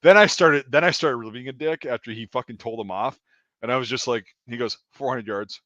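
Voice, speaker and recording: A man's voice: mid-range voice, fast, no room sound. Profane man telling army stories. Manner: profane, animated anecdote telling. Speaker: army veteran storyteller. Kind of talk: casual chat. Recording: dry, slightly dull sound.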